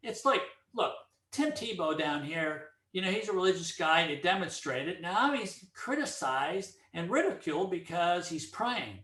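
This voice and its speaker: A middle-aged man holds forth in a casual monologue, his fairly high voice bright and forceful. He tells stories with lots of energy and acts out each exchange. The sound has an echoey, roomy ring. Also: moderate pace, few pauses. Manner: animated storyteller, acts out dialogue. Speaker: speaker giving commentary. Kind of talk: casual opinion monologue with anecdote.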